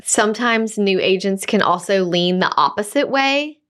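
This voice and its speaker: A woman co-hosting a podcast. She chats casually at a mid pitch. She tells stories in an animated way, acting out the voices of the people she quotes. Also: normal speed, clean tone. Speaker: podcast co-host. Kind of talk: casual chat.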